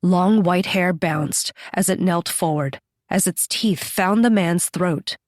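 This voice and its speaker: A woman reading a horror novel aloud in steady, measured scripted narration on a close microphone. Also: lowish voice, no room sound. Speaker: audiobook narrator.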